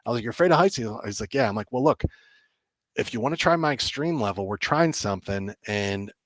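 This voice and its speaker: A man, a game developer guest on a podcast, telling an animated story and acting out the dialogue with lots of restarts. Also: fairly low pitch, brisk, no echo. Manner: excitable, acts out quoted dialogue, many restarts.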